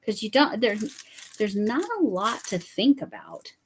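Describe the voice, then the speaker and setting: A woman hosting a casual livestream, chatty and quick to laugh, talking to a camera on a tripod at her desk. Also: medium pitch, expressive, a little hiss or hum. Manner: chatty, laughs often, fidgety and restless. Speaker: crochet livestream host.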